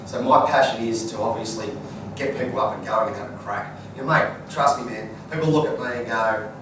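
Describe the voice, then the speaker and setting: Fast-talking blunt Australian man. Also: mid-range voice. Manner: blunt, colloquial, straight-talking. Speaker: guest speaker, business owner. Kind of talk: live Q&A storytelling. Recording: echoey room, distant mic, noisy.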